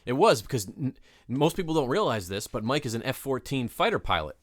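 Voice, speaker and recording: A man co-hosting a podcast who teases in a wry, deadpan way during casual chat. His voice sits mid-range and is recorded close and dry, without room echo. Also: medium pitch, a little fast. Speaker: podcast co-host.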